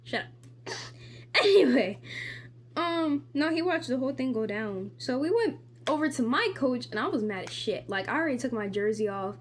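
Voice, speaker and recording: A teenage girl chats into her camera while getting ready, her high voice tumbling through a rambling, indignant, profanity-laced story packed with "like." A faint hiss sits under the home recording. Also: lively intonation, normal speed. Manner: rambling, profane, heavy use of "like"; indignant ranting. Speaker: vlogger. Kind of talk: casual get-ready-with-me storytime.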